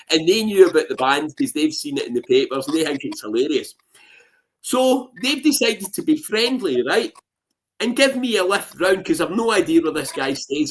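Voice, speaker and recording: A Scottish man tells a story in a chatty interview, often acting out the people in it. His voice sits slightly high. A faint hiss of background noise runs under the recording. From Scotland. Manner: animated, acts out voices in his anecdotes; chatty with frequent "you know what I mean" fillers. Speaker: interview guest.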